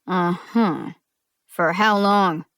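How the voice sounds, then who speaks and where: A woman's voice: fairly low pitch, drawn-out words, dry recording. A woman doing a dry, clipped male cop. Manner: dry, flat, clipped questioning. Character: gruff, dry-spoken male small-town cop.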